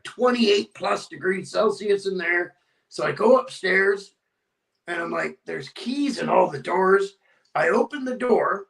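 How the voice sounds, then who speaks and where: A man's voice: high-pitched, gravelly, recorded from a distance. A man guest telling a long story casually and acting out the dialogue with energy. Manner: animated, acts out the dialogue in his story.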